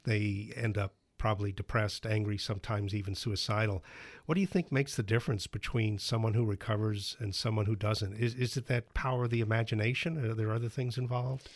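A man interviewing an author, asking careful, measured questions. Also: lowish voice, fairly even intonation, no echo.

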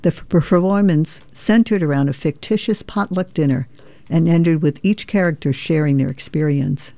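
A woman's voice: deep voice, normal speed, gravelly, dark tone, no room sound. A woman from New York, a memoir author and performer, earnest and reflective, reading from her memoir and chatting as a guest. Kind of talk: reading memoir, then casual interview chat.

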